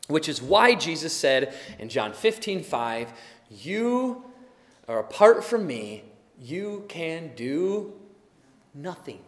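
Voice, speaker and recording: A man preaching a sermon as pastor, impassioned and building to emphatic, forceful delivery. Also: fairly high pitch, big-room sound.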